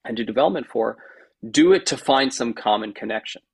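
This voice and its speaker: A middle-aged man from the Boston area chats as a podcast guest at an ordinary mid pitch. He tells stories in a lively way, restarting sentences and acting out what people said. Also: fairly quick, creaky, husky. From Boston area, USA. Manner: animated storyteller, many restarts, acts out quotes. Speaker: podcast guest, culture trainer. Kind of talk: conversational interview.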